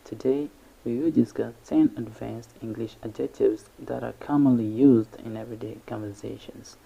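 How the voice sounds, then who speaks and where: A man teaching an English pronunciation lesson, slowly and deliberately repeating each syllable. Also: mid-range voice, fairly even intonation, gravelly, mellow, breathy edge. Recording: dull lo-fi recording.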